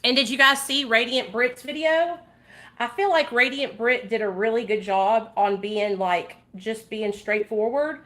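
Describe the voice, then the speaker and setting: A woman streaming a casual chat, addressing her viewers directly and swearing freely. Her voice sits a little high and sounds bright and forceful. She talks in an animated, outspoken way. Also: unhurried. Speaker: vlogger. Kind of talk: casual livestream commentary.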